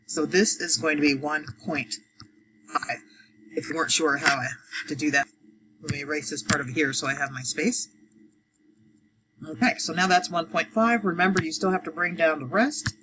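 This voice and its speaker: A woman walks learners through a math problem one step at a time. She counts out loud, pauses often, and talks in an easy, unhurried way. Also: low-pitched, background noise. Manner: talks through each step, counts aloud, frequent fillers. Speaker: adult education math teacher.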